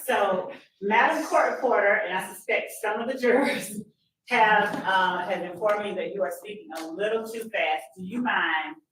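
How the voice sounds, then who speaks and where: A woman attorney questioning a witness in a courtroom, asking deliberate, measured questions. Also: medium pitch, a bit bright, slight background noise. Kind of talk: courtroom examination. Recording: echoey courtroom.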